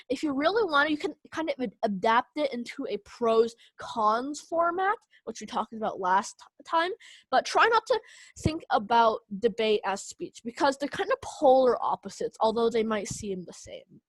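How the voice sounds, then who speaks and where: A woman's voice: sits high, no echo. A young woman teaching an online speech class, casual with many fillers. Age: young adult.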